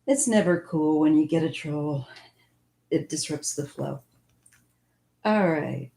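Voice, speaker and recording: A woman's voice: low voice, takes it slowly, vocal fry, warm tone. A woman giving a casual live-stream tarot reading, musing and thinking aloud as she goes. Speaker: tarot reader.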